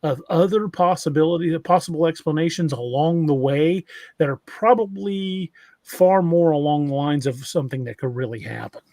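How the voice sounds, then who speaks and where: A man's voice: on the high side, normal speed, dark tone, no echo, clean studio sound. A man hosting a podcast, telling stories in a casual, rambling way with many restarts. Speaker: podcast host.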